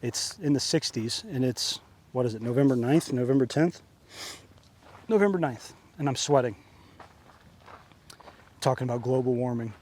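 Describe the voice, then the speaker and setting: A man's voice: mid-range voice, fairly even intonation, moderate pace, pauses often, a little mellow. A man delivering an angry, profane monologue rant, fired up and sweating, repeating himself for emphasis. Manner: heated, profane, repetitive ranting. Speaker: vlogger. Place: outdoors under an open sky.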